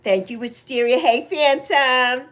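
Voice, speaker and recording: A woman in her sixties with a high voice talks casually to her livestream viewers. She is openly emotional and greets people by name. She laughs easily and jumps up into excited peaks. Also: a little slow. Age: 60s. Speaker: livestream host.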